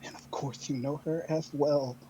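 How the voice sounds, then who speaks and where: A man's voice: a little high, fairly even intonation, moderate pace, mellow. A man playing a tabletop game, joking in character in a drawling way. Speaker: tabletop player. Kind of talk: casual in-character tabletop role-play.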